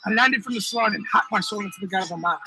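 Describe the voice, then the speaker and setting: A man's voice: high-pitched, rapid-fire, bright, forceful tone, soft background music, rough recording. A man narrating his own pirate adventure audiobook in the first person, telling the action vividly. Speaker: author reading his own novel.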